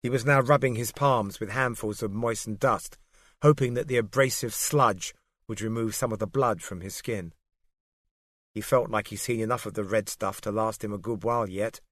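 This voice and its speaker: A man narrating an audiobook in a steady, measured storytelling way. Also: on the low side, dry recording, studio quality. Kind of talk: scripted narration.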